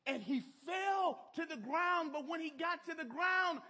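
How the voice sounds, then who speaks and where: A man's voice: extremely high pitch, measured pace. A middle-aged man preaching a sermon in church, telling a story emphatically. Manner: emphatic storytelling, rising to shouts.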